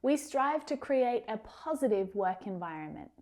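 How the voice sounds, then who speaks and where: A woman teaching English pronunciation, saying words slowly and carefully with drawn-out enunciation, then using them in example sentences. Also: a little high, big pitch swings, darkish tone. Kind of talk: pronunciation lesson.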